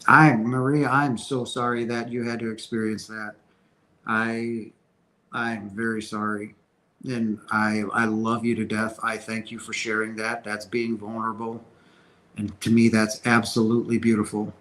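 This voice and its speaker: The recording is poor, but the man's voice comes through on the low side, level, unhurried and fairly bright. He hosts a casual Q&A livestream, answering viewer questions with earnest, emphatic spiritual talk and often restarting his sentences.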